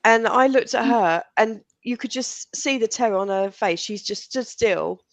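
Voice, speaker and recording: A woman's voice: on the high side, moderate pace, no room sound. British woman telling a spooky story, chatty, dry close sound. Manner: chatty storyteller, trails off mid-sentence. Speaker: paranormal investigator, co-host. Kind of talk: casual live-stream chat.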